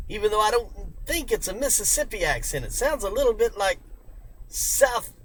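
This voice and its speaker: A man's voice: high voice, sing-song, moderate pace, a bit bright, a little hiss or hum, poor audio. A man live-streaming from his car while storm chasing, chatting casually and joking with viewers and greeting them by name. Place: inside a moving car.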